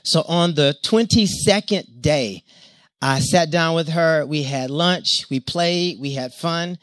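A man delivers an interactive sermon, his voice sitting on the higher side for a man. He calls out questions and draws answers from the congregation, then slips into steady yoga-style breathing and posture cues. The sound is dry and close, with little room around it. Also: takes it slowly, no room sound. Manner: animated, addresses the congregation directly, draws on personal stories. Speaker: preacher and yoga teacher. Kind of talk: interactive sermon with call-and-response.

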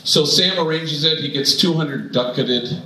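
Priest telling stories in a roomy hall. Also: male voice, on the high side, a little slow, bright, forceful tone, slight background noise. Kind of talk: storytelling sermon to an audience.

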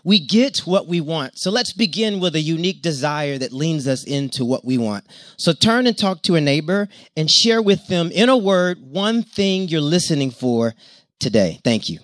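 A man's voice: fairly high pitch, sing-song, normal speed, fairly bright tone, no room sound, studio quality. A man preaching an interactive sermon with call-and-response, who draws on personal stories and guides the congregation through breathing like a yoga class.

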